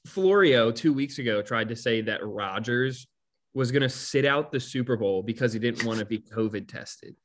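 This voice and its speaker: A man's voice: medium pitch, normal speed, a bit bright. A male podcast co-host chiming in with blunt, profane banter. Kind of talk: casual sports podcast chat.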